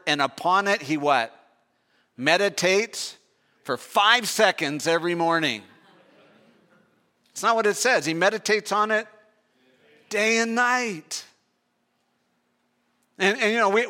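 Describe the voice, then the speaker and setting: Older preacher with a bright, forceful voice. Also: male voice, high voice. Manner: earnest, emphatic preaching with rhetorical questions and quick restarts. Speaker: pastor. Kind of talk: sermon.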